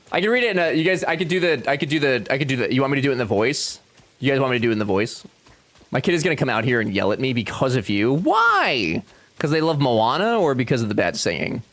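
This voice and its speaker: A man's voice: mid-range voice, very animated, fairly quick, fairly bright tone. A man streaming a game from home, chatting casually with his viewers and joking with lots of swearing. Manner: joking and profane, talks back to chat. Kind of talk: casual live-stream chat.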